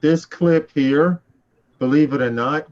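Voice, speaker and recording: A man's voice: fairly high pitch, noisy background. Teasing male host on muffled call audio. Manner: animated, teasing, fast talker. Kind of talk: casual group chat show.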